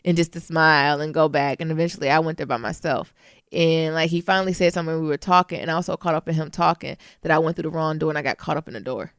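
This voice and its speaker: A woman's voice: low voice, fairly even intonation, fast, clean tone, no room sound, clean studio sound. A woman co-hosting a podcast, teasing playfully and acting out voices as she tells stories. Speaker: podcast co-host. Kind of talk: casual chat.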